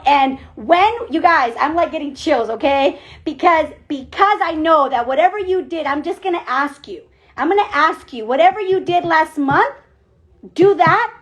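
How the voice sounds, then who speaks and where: Very high-voiced energetic woman coach. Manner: energetic and emphatic, repeats phrases. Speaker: team leader. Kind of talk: motivational pep talk on a group call. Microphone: call audio.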